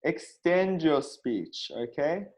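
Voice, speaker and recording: A man's voice: fairly high pitch, lively intonation, slow, darkish tone, rough recording. A man teaching an online English speaking class, patient and repetitive, checking in with the students after nearly every sentence.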